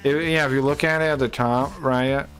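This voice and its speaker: Male streamer, casual rambling chat to viewers, swears often, mid-pitched, faint music in the background. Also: fairly even intonation, normal speed, fairly bright tone.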